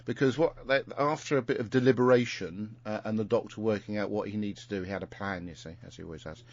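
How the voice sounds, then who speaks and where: Low-ish male host, casual rambling recap, muffled lo-fi sound. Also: fast talker, no echo. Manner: rambling, many fillers and restarts. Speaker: podcast host. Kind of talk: casual chat recapping an episode. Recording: muffled lo-fi recording.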